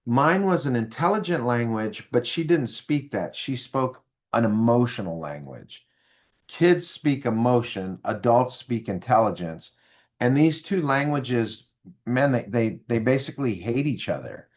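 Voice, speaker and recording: A man's voice: mid-range voice, a little slow, highs cut off. A man in his fifties, a business speaker as interview guest, telling stories and acting out the voices of people he quotes. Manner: animated, acts out quoted voices. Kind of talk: interview storytelling.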